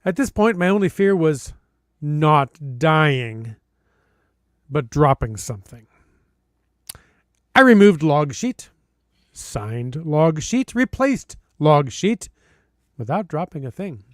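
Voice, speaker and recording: A man hosting a podcast, reading a listener's story aloud with dramatic, playful emphasis and comic pauses. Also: a little high, big pitch swings, no echo, studio quality. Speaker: podcast host.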